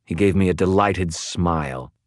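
A man's voice: low-pitched, normal speed, dry recording, studio quality. A man reading a first-person audiobook aloud, with dramatic, wry storytelling. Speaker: audiobook narrator.

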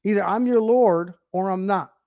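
A man's voice: high-pitched, a little mellow. A stern God laying down terms, as a man voices him. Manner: curt, slow, laying down terms.

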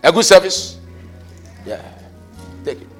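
A pastor preaching a fervent sermon, swinging between loud shouted calls and quiet asides, slipping into sung phrases. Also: male voice, high-pitched, big pitch swings, measured pace, soft background music.

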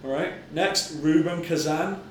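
Male podcast co-host, teasing and casual, slightly raised pitch, very roomy recording. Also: measured pace, a little hiss or hum. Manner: jokey, teasing, swears casually. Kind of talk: casual banter about football picks. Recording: very echoey room.

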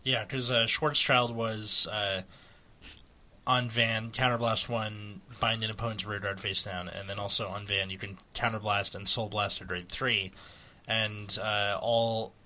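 A man's voice: fairly low pitch, little pitch movement, unhurried, bright, forceful tone. An American man co-hosting a casual chat, rambling with many fillers and restarts. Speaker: podcast co-host. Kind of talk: casual chat about a card game.

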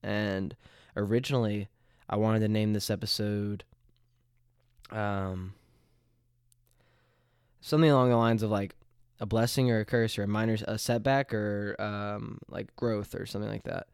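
A congested, nasal young man hosts a laid-back solo podcast, with a smooth voice despite the stuffiness. He rambles, hesitates and restarts his sentences, and he sounds close to the mic in a dry, dead room. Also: on the low side, steady tone, unhurried, no echo. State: congested from allergies. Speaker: podcast host.

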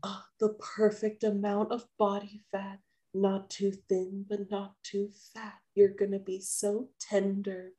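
Man putting on a hushed, higher-voiced predatory ghoul woman, teasing and soft. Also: completely flat delivery, unhurried. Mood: menacing.

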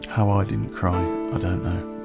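A man telling a personal story on a podcast in a plain-spoken, unhurried way with pauses. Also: deep voice, flat delivery, gravelly, over loud music.

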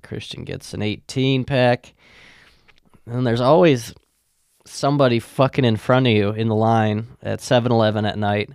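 A young man hosting a podcast who tells rambling, profane stories in a deadpan, casual way. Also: medium pitch, moderate pace, gravelly, smooth, no room sound, clean studio sound. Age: young adult. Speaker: podcast host. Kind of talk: casual storytelling.

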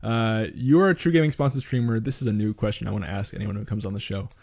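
A man's voice: on the low side, steady tone, fast talker, gravelly, a little mellow. Podcast host man, laid back. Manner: short encouraging replies, laughs along. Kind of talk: casual interview chat.

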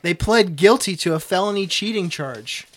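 A man's voice: high voice, animated, moderate pace. A man co-hosting a podcast, reading news stories aloud in a dry, casual chat. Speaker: podcast co-host.

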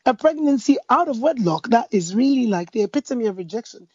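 A woman speaking about faith in a conversation, telling a parable with lively storytelling, fillers and restarts. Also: a little high, brisk, slightly rough, lo-fi sound. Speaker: Christian speaker. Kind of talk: preaching in a conversation.

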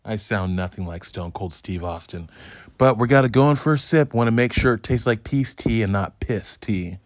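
A man's voice: fairly low pitch, normal speed, no echo, studio quality. A man hosting a solo review podcast, talking in a hyped, profane, joking ramble. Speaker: podcast host.

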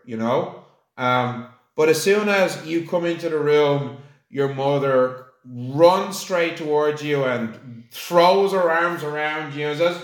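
A man's voice: a little high, roomy sound. A man narrating as game master of a tabletop game, rambling with many fillers.

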